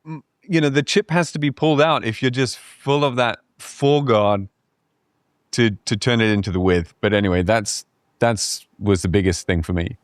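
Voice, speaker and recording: A man with a low voice talks in a relaxed, reflective way, laughing lightly now and then. The sound is dry and close, with no room echo. It is casual podcast conversation. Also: moderate pace.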